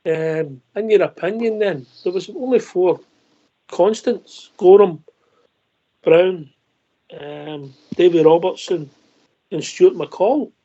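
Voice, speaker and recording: A man's voice: high-pitched, slow pace, pauses often, warm tone. A man hosting a radio phone-in, chatty and friendly with callers. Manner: friendly, calls people mate. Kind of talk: casual radio chat. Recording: muffled lo-fi audio.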